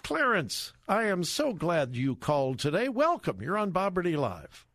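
A male talk radio host delivers emphatic, indignant commentary in a fairly high voice that swings widely in pitch. His studio mic sounds close and dry. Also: wildly swooping pitch, normal speed, a bit bright, no room sound. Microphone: studio microphone.

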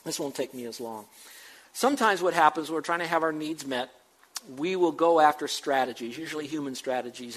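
A man preaching a sermon as pastor, animated, acting out the voices of Bible figures as he teaches. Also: mid-range voice, rough recording.

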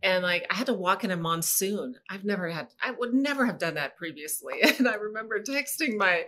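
A woman guest speaking in a relaxed interview, earnest and reflective about pushing herself. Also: medium pitch, a little fast. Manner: earnest, reflective, talks about self-discipline. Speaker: podcast guest. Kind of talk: casual conversation.

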